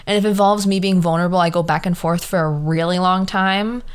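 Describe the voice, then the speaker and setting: A woman's voice: fairly low pitch, fast talker, clean tone. A woman in her early twenties talking casually on her own podcast, tired and yawning, full of "like" and acted-out quotes. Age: 20s. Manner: chatty, lots of "like", animated quoted voices. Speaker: podcast host. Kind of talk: casual solo podcast monologue.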